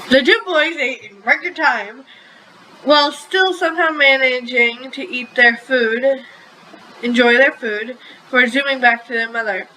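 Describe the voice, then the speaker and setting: A woman reading a story aloud in a casual, unpolished way, stumbling over words and fixing them as she goes. Her voice is fairly high and bright, and she reads slowly. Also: a little hiss or hum, poor audio. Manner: stumbling, self-correcting, giggly. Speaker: story reader.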